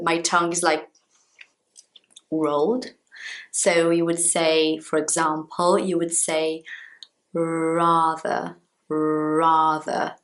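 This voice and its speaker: A Brazilian woman with a slightly low voice, teaching English pronunciation from her home. She speaks at an unhurried, deliberate pace with a Brazilian Portuguese accent, stretching out sounds to demonstrate them. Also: fairly bright tone. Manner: slow, emphatic, demonstrating sounds. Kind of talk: pronunciation lesson to camera.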